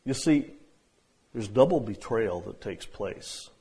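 A man preaching an expository sermon, emphatic, with drawn-out phrases and pauses. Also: fairly low pitch, expressive, mellow, breathy edge.

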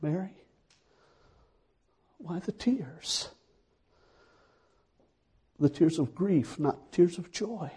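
A man voicing a gentle risen teacher, speaking softly and tenderly. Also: fairly high pitch, unhurried, hardly any pauses, husky. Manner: soft, hushed, half-whispered.

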